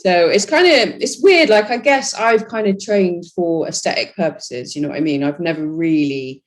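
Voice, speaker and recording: As a guest on a podcast, a young woman chats casually about her bodybuilding training, saying "you know" a lot. Her voice is fairly low-pitched and her speed is normal.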